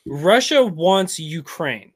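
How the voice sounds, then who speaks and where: Animated, rambling male podcast guest. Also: on the high side, takes it slowly, slightly rough. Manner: animated, rambling, restarts often. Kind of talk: casual political talk.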